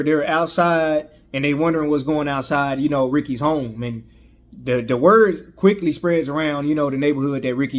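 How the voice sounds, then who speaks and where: A man reviewing a movie in a casual recap, rambling with frequent "you know" fillers and restarts. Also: medium pitch.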